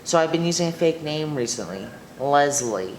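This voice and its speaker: A young woman plays an entitled newcomer who rants indignantly about a coffee order. Her voice sits low. There is faint hiss behind her. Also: expressive, normal speed, darkish tone. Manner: indignant ranting. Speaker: new group member. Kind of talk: student sketch comedy acting.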